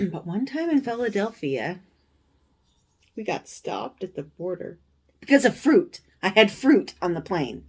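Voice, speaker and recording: A woman hosting a stitching vlog, telling a story in a casual, animated way with indignant, sarcastic asides. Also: medium pitch, unhurried, slightly rough. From United States. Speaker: cross-stitch vlogger, show host.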